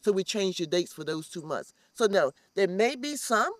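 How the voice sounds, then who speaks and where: A woman's voice: mid-range voice, sing-song, normal speed, dry recording. A woman who organizes a community farm, speaking earnestly in an interview and repeating phrases for emphasis. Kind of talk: heartfelt interview talk.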